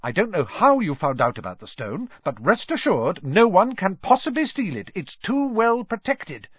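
A man's voice: sits high, very animated, normal speed, husky, no room sound, highs cut off, pitched above the performer's own voice, heavily acted. A man voicing a strict older woman professor who speaks in a clipped, scolding way, in an audiobook. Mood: brisk stern.

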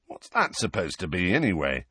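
A man's voice: low-pitched, huge pitch swings, moderate pace, sharp tone, breathy edge, no room sound, exaggerated voice. A man reading an audiobook and voicing a mischievous teenage wizard twin, wry and joking. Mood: teasing. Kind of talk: audiobook character voice.

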